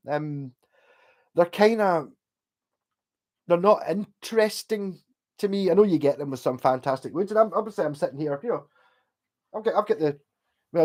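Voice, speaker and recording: A Scottish man talking casually on a livestream, his voice sitting a touch high. He rambles along, restarting sentences and swearing now and then. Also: darkish tone. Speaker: livestream host.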